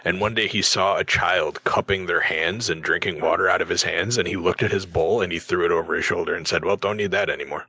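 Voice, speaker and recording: A man's voice: low-pitched, fairly even intonation, a little fast, hardly any pauses, pushed and bright, breathy edge, no room sound, low-quality recording. A man co-hosting a casual gaming podcast, joking and telling side stories. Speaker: podcast co-host.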